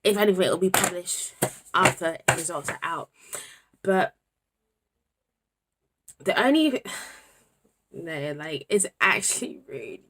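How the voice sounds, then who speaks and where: A young woman in her twenties with a British accent talks straight to the camera in a candid vlog. Her voice sits on the low side, and she rambles, sighs and talks to herself in an exasperated way. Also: lively intonation, takes it slowly, pauses often, fairly bright tone. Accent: British English. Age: 20s. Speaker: university student vlogger.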